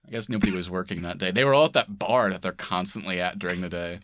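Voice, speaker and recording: A man's voice: low voice, fast, fairly bright tone, dry recording, clean studio sound. A man co-hosting a casual movie-review podcast, laughing often and swearing freely as he chats. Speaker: podcast co-host.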